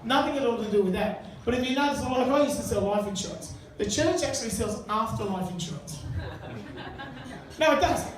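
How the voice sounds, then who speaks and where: A man's voice: very high voice, animated, a little fast. A man doing a crude, chatty stand-up set in a pub, bantering with the crowd. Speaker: stand-up comedian. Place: live pub venue. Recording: echoey room, mic far off. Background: audience laughter.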